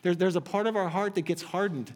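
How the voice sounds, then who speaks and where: A man's voice: high-pitched, brisk. A man preaching a sermon from scripture, earnest and emphatic, often repeating phrases. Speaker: pastor.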